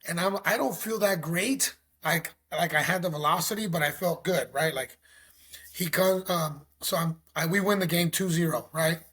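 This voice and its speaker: Husky, higher-voiced man telling stories. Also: normal speed. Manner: animated, slangy, acts out quotes. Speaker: podcast guest. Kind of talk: casual storytelling.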